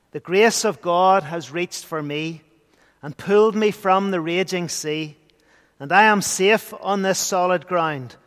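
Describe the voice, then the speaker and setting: High-voiced preacher in reverb. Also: male voice, fairly bright tone, clean tone. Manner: earnest, rising to emphatic bursts. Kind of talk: sermon. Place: church. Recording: long church hall reverb.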